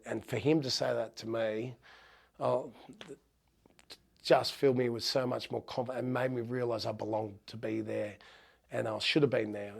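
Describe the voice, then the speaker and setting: Speaking in a gravelly, slightly mellow mid-range voice, this former rugby league player from Australia, now middle-aged, tells moving stories during a podcast interview. He frequently starts his sentences over.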